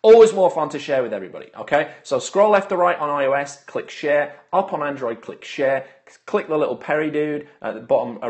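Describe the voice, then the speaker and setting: Fast-talking man hosting a live stream. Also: mid-range voice. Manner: chatty, greets viewers by name, many filler uhs. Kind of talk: casual live-stream marketing tips.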